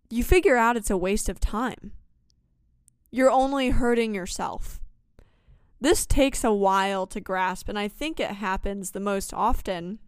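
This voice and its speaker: A young woman hosting a solo podcast, talking in an earnest, thoughtful way with slow, deliberate phrases. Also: mid-range voice, smooth, no echo, clean studio sound. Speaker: podcast host. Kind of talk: reflective solo podcast talk.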